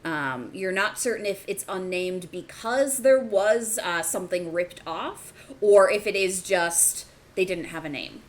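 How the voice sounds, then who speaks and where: Game master, woman, mid-pitched, measured descriptive narration. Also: rough recording.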